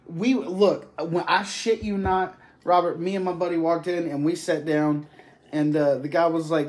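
Male podcast host, slightly high voice, loose profane storyteller. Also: steady tone, moderate pace, darkish tone. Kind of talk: casual chat.

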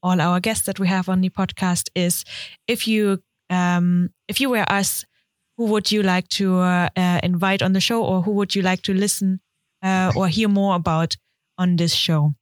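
A woman's voice: lowish voice, fairly even intonation, moderate pace, dry recording. Encouraging female podcast co-host, dry sound. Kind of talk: casual podcast interview.

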